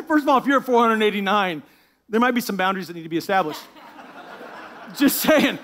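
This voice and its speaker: A man with a fairly high voice delivers a sermon as pastor. He preaches with animated energy and laughs at his own asides, then softens to a hushed tone when he reads scripture aloud. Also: a little fast, long pauses.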